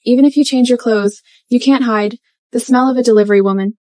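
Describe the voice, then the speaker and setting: A woman's voice: a little high, quick pace, mellow, no echo, close to an everyday voice. A woman playing a snobbish shop clerk. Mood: contemptuous. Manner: contemptuous, bossy and fawning. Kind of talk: English dub of a short drama.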